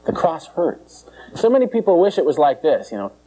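A man preaches an informal sermon, his voice swinging up and down in pitch. The tone is mellow and dark. He slips into high mocking voices and chuckles between points. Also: fairly quick, poor audio. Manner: animated, jumps into high mocking voices for complainers.

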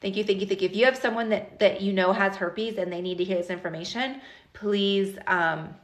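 A woman's voice: mid-range voice, fairly quick. Chatty woman host in an echoey room. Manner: chatty, animated, talks straight to viewers. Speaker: host of a live stream. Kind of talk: casual live-stream talk.

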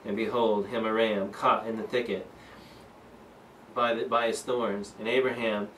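A man's voice: on the low side, flat delivery, measured pace, a bit bright, reverberant, distant mic, slight background noise, rough recording. A man leading a Bible study, reading scripture aloud and explaining it earnestly, with many fillers and restarts. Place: church room.

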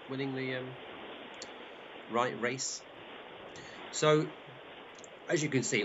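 A man hosting a group in excitable, chatty live commentary, often laughing as he talks. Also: lowish voice, lo-fi sound, noisy background. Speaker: group host.

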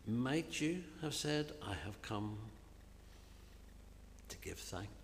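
A man preaching an earnest sermon in a church, often dropping to a soft, hushed voice on key phrases. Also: medium pitch, very animated, slow, a little hiss or hum. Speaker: minister preaching. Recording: long reverb of a church hall, faint ambience.

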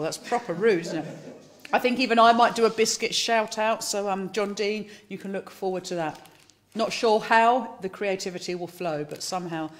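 A woman's voice: medium pitch, moderate pace. A woman leading an online church service, talking in a chatty, playful way as she closes with giving, prayer and a blessing. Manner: chatty and playful, talks while eating biscuits. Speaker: service leader. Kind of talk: casual closing remarks to an online congregation.

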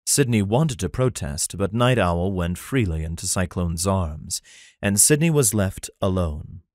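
A man narrating a fantasy romance audiobook in an even, plain storytelling manner. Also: sits low, unhurried, no echo, clean studio sound. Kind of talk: scripted narration.

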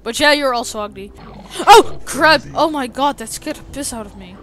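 High, bright-voiced swearing gamer woman. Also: fast. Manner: swears a lot, with frequent shouted frustrated outbursts. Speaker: gaming video host. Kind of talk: let's play commentary.

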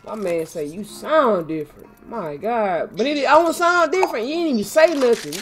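A fairly high-voiced woman talks over a gaming headset, loud and profane, teasing her teammate mid-match. Her throat sounds strained, as if her voice is about to give out, and music plays clearly behind her. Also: expressive, normal speed. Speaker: streamer playing a shooter game with a friend. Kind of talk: casual gaming chat.

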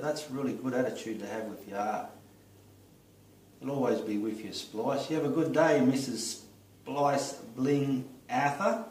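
A man with an Australian accent, casually greeting friends in a friendly, unhurried way while he paints. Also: medium pitch, darkish tone. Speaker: artist vlogger. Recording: roomy echo, distant mic.

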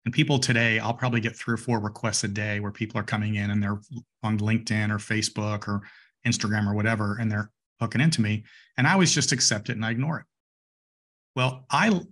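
Storytelling sales coach on a podcast. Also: male voice, on the low side, fairly bright tone. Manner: storytelling, with quick restarts. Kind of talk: casual interview chat.

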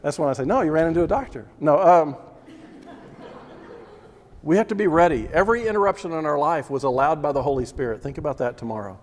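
A male Bible teacher preaching with emphatic, repetitive phrasing and pointed rhetorical questions. His voice sits slightly high for a man. The sound rings out with the long reverb of a big hall. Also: brisk, pauses often, slight background noise. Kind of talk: sermon.

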